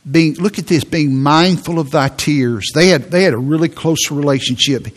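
A man's voice: a little high, moderate pace. A man preaching a sermon in an earnest tone, often repeating words as he presses a point.

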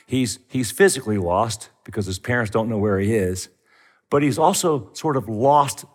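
A man's voice: mid-range voice, moderate pace. A middle-aged man preaching a sermon as pastor, telling the story with animation and acting out the voices in it.

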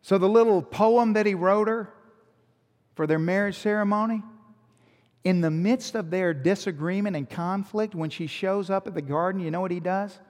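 A man preaching in a church sanctuary, with a notably high voice that rings through a long hall reverb. He is animated, pressing rhetorical questions and tossing in joking asides to the congregation. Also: moderate pace. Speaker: pastor. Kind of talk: sermon.

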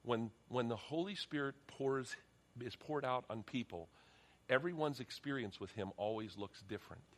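Speaking at medium pitch and a normal speed, a middle-aged pastor preaches earnestly from a church sanctuary. He tends to repeat words at the start of sentences, and he closes by leading a prayer.

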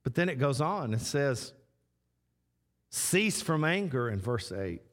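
A man preaching a sermon as pastor, slow and repetitive, stressing short phrases again and again. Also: medium pitch, big pitch swings. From Texas. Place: church sanctuary. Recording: long church hall reverb.

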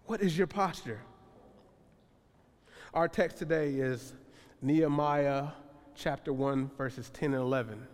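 A man's voice: on the high side, slow pace, pauses often. A man preaching a sermon in a conversational way, repeating phrases and putting questions to the congregation. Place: church sanctuary. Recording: long church reverb.

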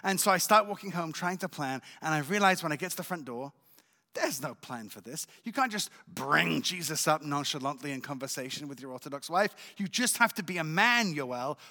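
Animated man telling his testimony in a hall. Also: fairly high pitch, a little fast. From Israel. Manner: animated storytelling, keeps checking in with listeners. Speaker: guest speaker. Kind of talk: personal testimony at a church service. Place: church sanctuary.

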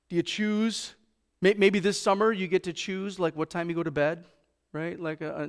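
A man preaching a sermon in a church, talking conversationally with lots of rhetorical questions and slowing down to stress scripture quotes. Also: high voice, vocal fry, smooth. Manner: slows for emphasis on scripture quotes. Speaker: pastor.

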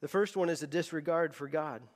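A man's voice: fairly high pitch, fairly quick, in a large hall. A man preaching a sermon as pastor, emphatic and often repeating words as he presses a point.

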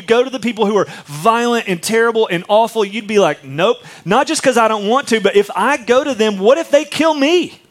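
A man preaching a sermon in a conversational way, retelling a Bible story with lively asides to the congregation. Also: sits high. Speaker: pastor.

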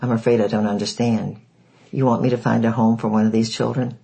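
A man's voice: mid-range voice, flat delivery, fairly quick, gravelly, dark tone, close to an everyday voice, low-quality recording. A man reading aloud, voicing a stiff, defensive minister in his own voice. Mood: polite, puzzled. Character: indignant, cold-hearted minister, a grown man.

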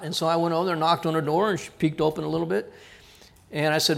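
A male pastor preaches from the pulpit and tells a story with plenty of animation, slipping into the voices of the people in it. His voice sits high for a man. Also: fast talker, gravelly, fairly bright tone. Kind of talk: sermon storytelling. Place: church.

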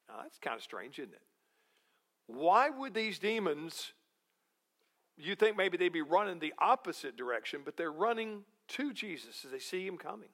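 Slow, high-voiced male preacher. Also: expressive, pushed and bright. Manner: slow, deliberate preaching with rhetorical questions. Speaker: pastor. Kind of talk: sermon.

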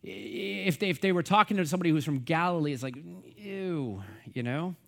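Middle-aged American male pastor, relaxed chatty teaching style, rambling with asides, voice a touch high. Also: very fast. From United States. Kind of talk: casual Bible teaching.

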